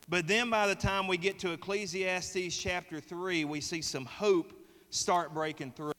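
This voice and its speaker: A Southern man delivers a sermon in a folksy, joking way, often asking the congregation questions. His voice is bright and a bit high. A long reverb from the church hall trails behind his words. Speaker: pastor. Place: church sanctuary.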